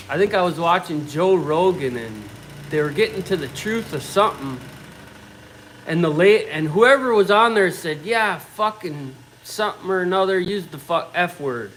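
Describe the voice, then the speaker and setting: Middle-aged man, high-pitched, blunt profane rant, workshop talk. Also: expressive, normal speed, a bit bright, a little hiss or hum, low-quality recording. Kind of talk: casual rant.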